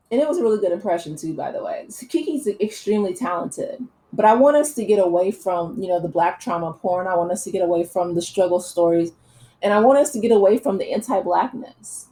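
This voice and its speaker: A woman's voice: medium pitch, a little fast, warm tone, low-quality recording. A woman vlogger giving impassioned, earnest opinion commentary, with many fillers and restarts.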